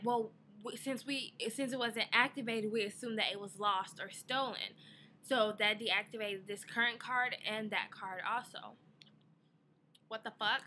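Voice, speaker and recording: Bright-voiced young woman ranting. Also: fairly high pitch, a little hiss or hum. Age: young adult. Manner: exasperated, swearing, storytelling rant. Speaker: vlogger. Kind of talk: casual ranting vlog.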